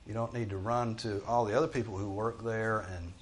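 A man's voice: lowish voice, steady tone, a little fast, slight background noise. A man teaching a Bible study group in a conversational, emphatic way, often restarting his sentences.

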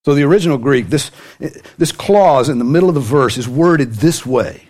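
A man's voice: medium pitch, expressive, normal speed, darkish tone. A man preaching a sermon to a congregation, with light humor and sudden rises in his voice for emphasis. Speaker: pastor.

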